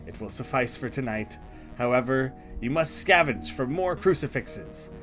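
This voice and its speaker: A man reading aloud for a solemn male village priest in a horror game, speaking slowly and gravely. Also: medium pitch, expressive, a bit bright, soft background music, natural voice. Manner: slow, grave and declamatory.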